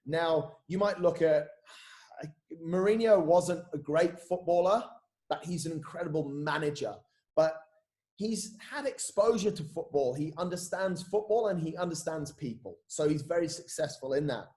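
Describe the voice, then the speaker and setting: A man, a podcast guest and coach telling stories in casual, animated chat, swearing and saying "mate" a lot. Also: fairly high pitch, normal speed.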